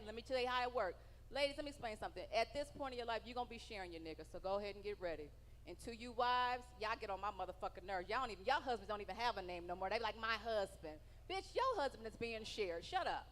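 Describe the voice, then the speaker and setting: A woman's voice: a little high, expressive, fast. Brash, profane woman doing stand-up. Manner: brash, profane, teasing the audience. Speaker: stand-up comedian. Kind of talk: stand-up comedy set with crowd work. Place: comedy stage in a large hall. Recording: live venue with long hall reverb.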